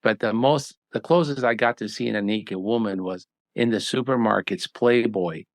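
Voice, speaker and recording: A man's voice: fairly low pitch, moderate pace, no room sound. A man from Maryland hosting a podcast, chatting casually with jokey asides. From Potomac, Maryland, USA. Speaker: podcast host.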